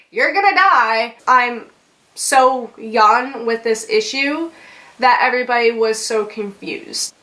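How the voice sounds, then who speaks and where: A woman's voice: on the high side, fairly bright tone. A young woman vlogger telling a story in a chatty way, with lots of fillers, laughs and swearing. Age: young adult. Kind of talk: casual storytime.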